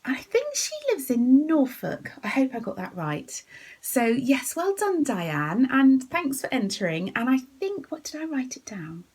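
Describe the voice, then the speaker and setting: Slow, breathy chatty woman podcaster. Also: high-pitched, wildly swooping pitch, rough recording. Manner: chatty, giggly, often drops to a soft whisper. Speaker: podcast host. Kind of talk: casual chat about knitting.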